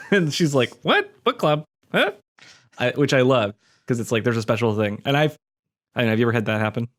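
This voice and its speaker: Easygoing man rambling on a podcast. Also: medium pitch. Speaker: podcast co-host. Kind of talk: casual chat.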